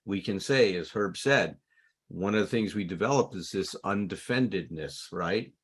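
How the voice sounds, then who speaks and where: A man's voice: low-pitched, moderate pace, slightly rough. A man co-presenting a recovery talk, explaining amends in an earnest, conversational teaching manner. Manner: earnest, acts out insincere apologies animatedly.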